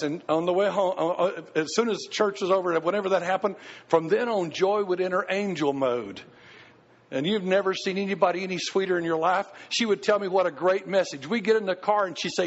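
A man's voice: high voice, fairly quick. A middle-aged man preaching as a pastor, telling folksy family stories in an earnest way. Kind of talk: sermon. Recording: dull lo-fi recording.

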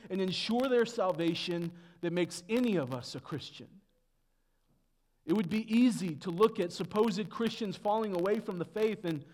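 A man preaching a sermon as pastor, dropping to hushed tones and then building to loud, emphatic peaks. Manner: swings from hushed to booming emphasis.

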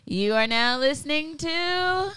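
Woman, podcast co-host, playful, slightly high pitch, slow unhurried delivery. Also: fairly bright tone. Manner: playful, laughs often. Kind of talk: casual church podcast chat.

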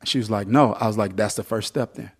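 A man preaching a sermon as pastor, swinging between loud, lively exhortation and softer storytelling. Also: on the low side, quick pace, slightly rough.

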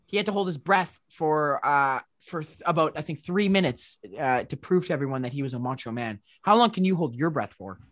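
A man co-hosting a comedy podcast, jumping in with quick teasing remarks. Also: fairly high pitch, animated, a bit bright. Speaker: podcast co-host. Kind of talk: improvised comedy chat.

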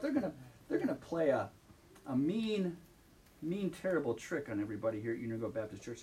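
High-voiced pastor preaching from afar. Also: male voice, fairly bright tone, far from the mic. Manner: conversational, asks the congregation questions. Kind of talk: sermon. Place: church sanctuary.

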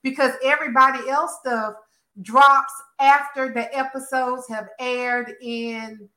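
A woman co-hosting a soap opera chat, explaining things in a chatty, relaxed way. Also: high-pitched, slow pace. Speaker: soap opera podcast co-host. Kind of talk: casual chat. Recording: echoey room.

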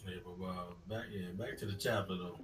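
A man's voice: low voice, steady tone, a little fast, a bit bright, slight background noise. A man co-hosting a casual podcast, laid-back and teasing, often laughing. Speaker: podcast co-host. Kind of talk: casual chat.

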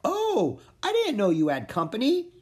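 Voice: wildly swooping pitch, normal speed, a little mellow. A storybook reader voicing Pip, a small playful male forest creature with a sing-songy voice. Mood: cheerful. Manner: sing-songy, high and bouncy.

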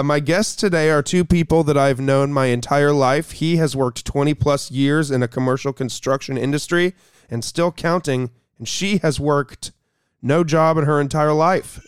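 A young man hosting a casual podcast, relaxed and full of fillers, talking close to the mic. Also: fairly high pitch, smooth, dry recording. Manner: relaxed, filler-heavy, laughs easily. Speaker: podcast host.

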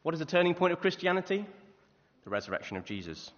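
A man with a slightly high voice speaks at a quick pace, preaching a sermon in a church hall. He tells lively stories and puts rhetorical questions to his listeners. The recording is muffled and reverberant.

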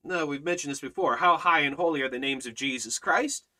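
A man teaches a Bible study in an emphatic preaching voice that sits a bit high for a man and rings bright and forceful. He hammers points home with repetition and rhetorical questions, and he slows down to read scripture aloud in old-fashioned wording. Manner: reads scripture aloud in King James wording. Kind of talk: livestreamed Bible study sermon.

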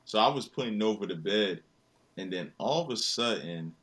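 A man's voice: fairly low pitch, expressive, normal speed, a bit bright. A young man, a father, chatting casually about his daughter in a slangy, profane, laid-back way. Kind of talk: casual chat.

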